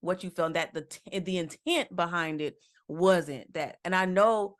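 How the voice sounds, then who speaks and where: A woman hosting a casual podcast, backing up her husband with soft affirmations and then explaining her views with feeling. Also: on the low side, unhurried. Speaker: podcast host, wife.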